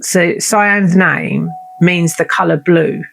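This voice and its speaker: A woman's voice: lowish voice, fairly even intonation, slow pace, vocal fry, a bit bright. A woman hosting her own show, telling a personal story in a heartfelt, emotional and chatty way. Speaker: podcast host.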